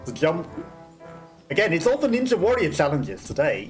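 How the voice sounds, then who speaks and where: A man's voice: on the high side, wildly swooping pitch, moderate pace, faint music behind. A man casually commentating on his gameplay as a let's play host, chatting freely and laughing often between remarks.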